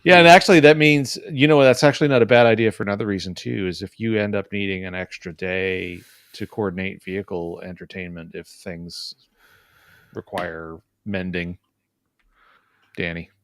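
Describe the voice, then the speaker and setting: A man's voice: low voice, steady tone, normal speed, a bit bright, clean tone, dry recording, studio quality. A man on a movie-review panel, talking in a laid-back, wry way in casual chat. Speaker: podcast panelist.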